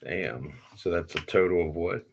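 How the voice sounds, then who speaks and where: A man with a very low voice, playing in a casual tabletop game session. He answers in short, matter-of-fact bits. The sound is dull and lo-fi. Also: normal speed, creaky, husky. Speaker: player.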